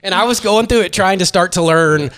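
A man's voice: high voice, fairly quick. A middle-aged man, a basketball coach, chatting casually on a podcast and acting out quotes as he tells stories. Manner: animated storyteller, acts out quotes.

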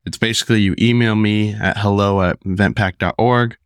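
A man hosting his own podcast, talking casually with lots of fillers and restarts while sick and rough-voiced. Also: lowish voice, steady tone, normal speed, no echo, studio quality. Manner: rambling, many fillers and restarts. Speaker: podcast host. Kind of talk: casual solo podcast talk.

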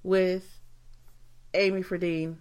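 A woman's voice: lowish voice, level tone, slow, darkish tone, clean tone. Woman co-host, casual and giggly, hesitant with fillers. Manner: giggly, rambling with many ums. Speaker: podcast co-host. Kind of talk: casual chat.

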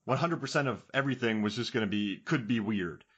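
A man from Florida co-hosting a podcast, talking through a film in a rambling, self-correcting, animated way. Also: medium pitch, fairly quick, slightly rough, dull audio. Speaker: podcast co-host. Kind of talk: casual film discussion.

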